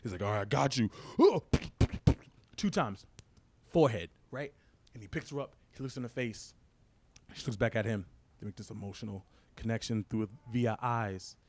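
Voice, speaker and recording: A man's voice: lowish voice, a little hiss or hum. A young man doing a crude stand-up comedy routine, telling a story and tossing "right?" to the crowd. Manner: fast, crude storytelling with frequent "right?" asides.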